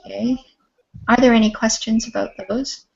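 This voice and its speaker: A woman's voice: fairly high pitch, fairly even intonation, moderate pace, vocal fry, darkish tone, slightly rough. A woman teaching an English class online, patient and encouraging. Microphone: video call. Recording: muffled lo-fi video call audio.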